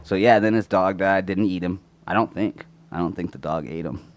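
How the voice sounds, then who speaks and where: In a casual chat, a podcast co-host with a deep voice speaks at a moderate pace, crude and rambling with heavy swearing. He's close to the mic, coughing through a sore throat.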